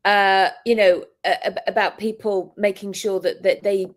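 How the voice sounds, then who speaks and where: A woman, a hypnotist hosting an interview, talking enthusiastically in a casual chat, often pausing on fillers. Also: mid-range voice, flat delivery. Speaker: hypnotist and podcast host.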